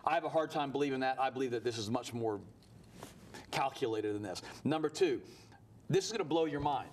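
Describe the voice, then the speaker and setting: A man's voice: medium pitch, expressive, fairly quick. A man as a guest on a studio talk show, talking heatedly and telling a story at speed. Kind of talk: animated talk-show interview.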